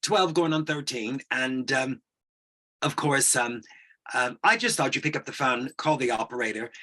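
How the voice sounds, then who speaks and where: A man in his sixties, a guest telling a long personal story, animated and acting out the voices in it. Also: medium pitch, moderate pace. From United States. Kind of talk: anecdotal storytelling.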